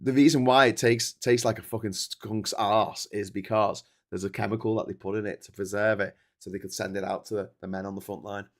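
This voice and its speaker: A man's voice: fairly low pitch, fairly even intonation, a little fast, hardly any pauses. A man hosting a casual live-stream, rambling through news and viewer comments, swearing and laughing often. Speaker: host.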